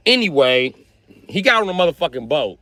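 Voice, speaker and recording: A man streaming live, telling profane stand-up stories in a loud, swearing manner. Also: a little high, brisk, no room sound. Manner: loud, animated, swearing freely. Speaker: comedian streamer.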